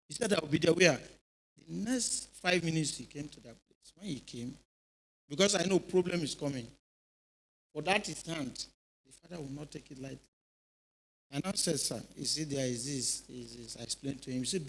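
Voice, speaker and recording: Nigerian man giving an animated talk. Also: a little high, brisk, breathy edge, low-quality recording. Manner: animated storytelling, keeps checking in with listeners. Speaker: retired police officer speaking at a youth event. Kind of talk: informal speech to a youth audience. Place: church hall.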